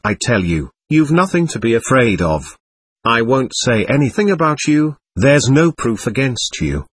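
A man voicing a sly, cold male servant in a low, insinuating, quietly menacing tone. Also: very animated, normal speed, husky, no echo.

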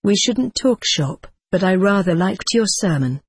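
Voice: medium pitch, animated, a little slow, slightly rough, dry recording, studio quality. A reader voicing a polite, distracted visiting clergyman in a storybook. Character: visiting clergyman, male guest.

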